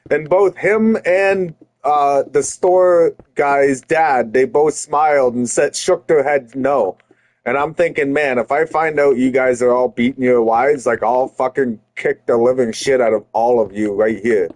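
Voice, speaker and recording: A man's voice: medium pitch, unhurried, dry recording. A man streaming, telling an angry story with constant swearing and heated retorts. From Canada. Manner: heated, profane, rising to shouted retorts.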